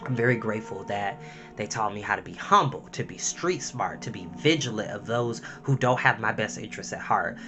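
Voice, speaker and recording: A man's voice: fairly low pitch, expressive, fairly quick, pushed and bright, soft background music. A young man talking to camera as a storytime host, emotional and heartfelt, chatty and full of fillers. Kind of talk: personal talk to camera.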